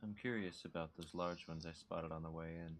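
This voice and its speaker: A man playing a tabletop game, thinking aloud calmly as he plays his character. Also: deep voice, a little fast, slight background noise. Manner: calm, musing, thinks aloud. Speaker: player. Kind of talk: casual tabletop game chat.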